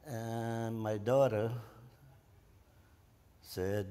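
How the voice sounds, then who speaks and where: A man in his nineties, a war veteran guest, telling his story haltingly with many fillers and restarts. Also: medium pitch, expressive, a little mellow. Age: 90s. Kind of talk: storytelling interview. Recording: long reverb of a hall.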